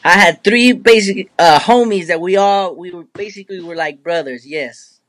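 A man from San Diego, a musician talking as a guest in a casual interview, relaxed and easygoing with slang. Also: high voice, moderate pace. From San Diego, USA.

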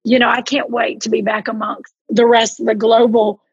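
A woman's voice: fairly high pitch, moderate pace, slightly rough, dry recording, dull audio. A woman from Eastern Kentucky with a Southern accent, a podcast guest chatting casually and animatedly acting out quotes in her stories. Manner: animated storyteller, acts out quotes. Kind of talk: casual interview chat.

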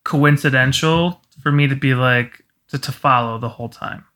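A man co-hosting a film podcast, thinking aloud in a measured way. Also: mid-range voice, bright, forceful tone. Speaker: podcast co-host. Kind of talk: casual film discussion.

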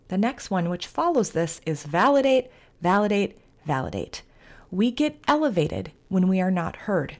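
A middle-aged woman hosting a podcast, giving calm, earnest, faith-based parenting advice in an instructive way. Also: mid-range voice. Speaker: podcast host, family therapist.

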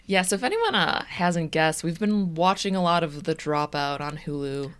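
A woman's voice: low voice, lively intonation, normal speed, a bit bright, clean tone. A woman co-hosting a podcast, trading playful, jokey banter in casual chat. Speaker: podcast co-host.

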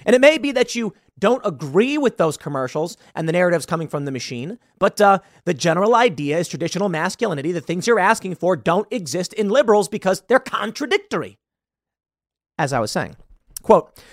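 A man's voice: sits high, very animated, fairly quick, no room sound, clean studio sound. A man hosting a commentary show, reading out a news story and mocking it with sarcastic asides. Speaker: show host.

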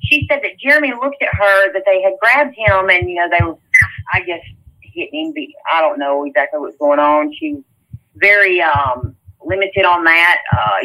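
A middle-aged woman with a drawl tells a long story in loose, halting bursts, doubling back as she goes. Her voice has a bright, sharp edge. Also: fairly low pitch, poor audio. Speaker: interviewee. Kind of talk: casual spoken recounting.

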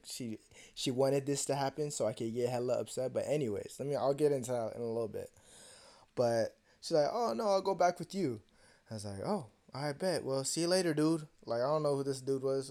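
A young man co-hosting a podcast, telling a personal story in a casual, profane and animated way and acting out the other voices. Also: mid-range voice. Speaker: podcast co-host.

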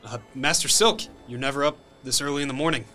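A man's voice: mid-range voice, fast, sharp tone, soft background music. A man in a tabletop game, easygoing, answering the game master in his character's first person. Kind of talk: casual in-character play.

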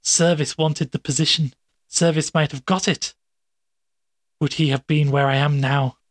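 A frightened young student pleads in a strained, raised voice, as a man reads him. The tone is husky and dry, as in a storybook reading. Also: on the high side, fairly even intonation, measured pace, no room sound. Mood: anguished. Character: anxious young male medical student.

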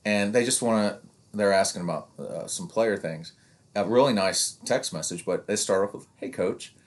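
A man's voice: fairly low pitch, moderate pace. A man in his fifties, a coach, chatting casually on a podcast and rambling, with restarts and acted-out quotes from parents. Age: 50s. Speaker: youth sports coach and podcast co-host.

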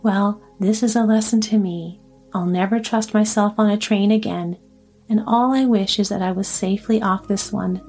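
A woman's voice: mid-range voice, steady tone, normal speed, a little mellow, breathy edge, faint music behind. A woman voicing a talkative, anxious old grandmother in a storybook reading. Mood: eager. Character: chatty fussy old grandmother.

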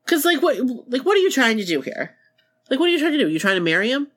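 A woman co-hosts a relaxed podcast chat, her voice swooping up and down as she laughs and teases. She keeps acting out her friend's reactions for fun. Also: high-pitched, fast. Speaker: podcast co-host. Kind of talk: casual chat.

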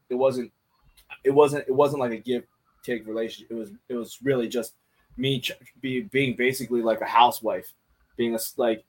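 On a casual podcast, a man with a mid-range voice talks candidly and fairly quickly, his intonation fairly even. He swears freely and keeps restarting sentences, repeating words while he thinks. The recording is rough.

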